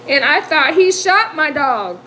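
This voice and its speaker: A woman's voice: high-pitched, bright, forceful tone, a little hiss or hum, rough recording. A woman in her fifties from the American Midwest, chatting with viewers on her livestream; emotional and chatty, laughing often and repeating words. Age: 50s. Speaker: livestream host. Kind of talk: casual livestream chat with viewers.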